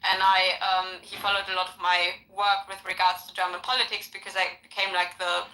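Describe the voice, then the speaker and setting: Bright animated woman in an echoey room. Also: mid-range voice, fairly quick. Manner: animated, laughs while telling stories. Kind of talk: casual podcast conversation.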